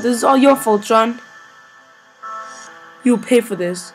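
A young woman commenting on a video game she is playing, chatty and swinging between loud outbursts and low mumbles. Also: a little fast, long pauses. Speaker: let's play gamer. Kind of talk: let's play commentary. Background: faint game music.

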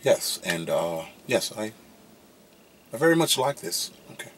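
A man's voice: on the low side, sing-song, measured pace, fairly bright tone, slight background noise, pitched below the performer's own voice, exaggerated voice. A man putting on a prim, formal English accent while tasting a cupcake. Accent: put-on English.

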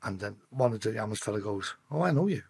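A man's voice: on the low side, lively intonation, fast, creaky, slightly rough. A man with a Liverpool accent, a podcast guest telling a story with lots of swearing and acted-out voices. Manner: swearing, acting out voices in his tale. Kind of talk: emotional storytelling.

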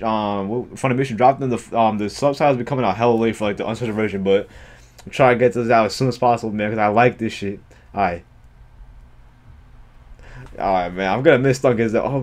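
Excitable, slangy man reacting out loud. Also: medium pitch. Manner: excitable, slangy and profane, with frequent exclamations. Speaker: anime reaction video host. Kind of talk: casual reaction commentary.

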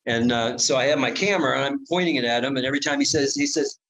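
Older man telling animated stories. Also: medium pitch. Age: 60s. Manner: animated, acts out quoted voices, many filler pauses. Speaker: interview guest, former TV reporter. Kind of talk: casual anecdotal storytelling.

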